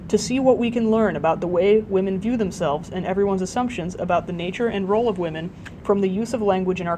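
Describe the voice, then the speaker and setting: Woman narrator for a nonfiction audiobook, mid-pitched, measured delivery, faint low rumble behind. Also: a little mellow, rough recording. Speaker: audiobook reader.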